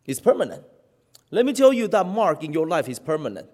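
A male pastor preaching a sermon with passion, repeating phrases for emphasis and dropping from loud calls to hushed lines. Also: fairly high pitch, sing-song, brisk. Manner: impassioned preaching, swings between loud exhortation and hushed lines.

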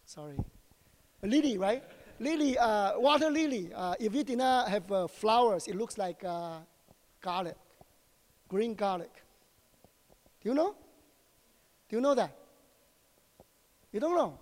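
Taiwanese man preaching in halting English, high and lively, quizzing the pews, a long hall echo trailing each line. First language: Chinese. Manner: animated, repeats questions to the congregation, halting English. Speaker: pastor. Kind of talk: sermon. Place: church hall.

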